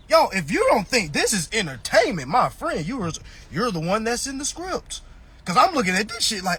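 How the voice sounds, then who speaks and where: A man rants on a phone live stream, mocking and profane, full of rhetorical questions. His voice sits high and swings widely in pitch. The tone is bright, with a husky edge. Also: very animated, moderate pace, dry recording. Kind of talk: casual ranting monologue.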